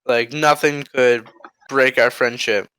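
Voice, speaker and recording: A man's voice: mid-range voice, fairly even intonation, takes it slowly, sharp tone, clean tone, no echo, rough recording. A teenage boy telling a rambling story to friends on a casual podcast, laughing and acting out voices. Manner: rambling, laughs often, acts out quoted voices. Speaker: podcast co-host.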